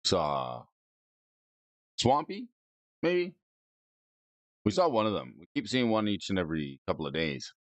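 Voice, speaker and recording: A man's voice: deep voice, big pitch swings, measured pace, pauses often, no echo. A man hosting a casual stream, rating game cards aloud with playful, goofy asides and silly wordplay. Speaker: host. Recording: dry, dull lo-fi mic.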